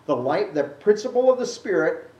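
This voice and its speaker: A man preaching a Bible-teaching sermon and answering a question from the congregation, animated, acting out the scripture he quotes. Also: high-pitched, normal speed, muffled recording. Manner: animated, acts out quotes with rising voice. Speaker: pastor. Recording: echoey room, mic at a distance.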